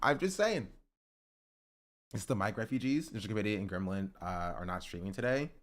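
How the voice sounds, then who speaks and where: A man's voice: lively intonation, a little fast. A man streaming live, chatting with his viewers and working up joking mock rants. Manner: joking, ranting bits that build in volume and pitch. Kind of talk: casual live-stream chat.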